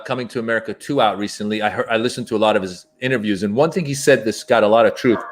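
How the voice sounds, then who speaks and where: A man, a stand-up comedian, telling anecdotes in a casual interview and acting out voices as he goes. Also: medium pitch. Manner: animated, acts out voices in his anecdotes.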